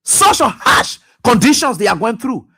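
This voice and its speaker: A man's voice: very high-pitched, sing-song, normal speed, bright, forceful tone, breathy edge. A man hosting a radio talk show, delivering impassioned, accusatory political commentary with repeated pointed questions. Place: radio studio.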